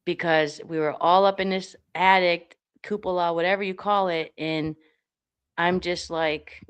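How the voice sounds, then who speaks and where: A woman's voice: fairly low pitch, steady tone, unhurried, clean tone. A woman who is a paranormal investigator, talking bluntly in a casual chat, swearing and restarting her sentences.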